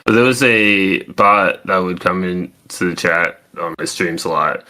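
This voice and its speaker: A man's voice: low voice, a little slow, sharp tone, poor audio. A man co-hosting a podcast in casual chat, wry and offhand. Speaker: podcast co-host and streamer.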